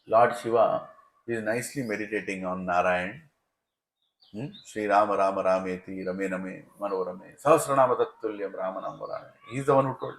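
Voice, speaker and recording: A man, a spiritual teacher telling a sermon story in an animated way, often checking in with the audience. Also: mid-range voice, reverberant, low-quality recording. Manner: animated, asks the audience "right?". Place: devotional center hall.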